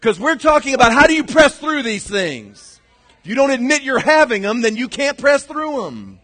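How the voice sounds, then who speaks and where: A middle-aged male pastor preaching a sermon, swinging from shouted lines to hushed ones. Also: very high-pitched, very animated, normal speed. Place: church sanctuary. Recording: long reverb of a large hall.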